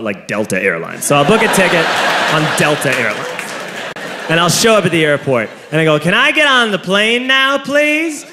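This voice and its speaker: A man performing a stand-up comedy routine, telling an animated story and switching into exaggerated voices for the people he quotes. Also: mid-range voice, roomy sound. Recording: noisy live stand-up recording.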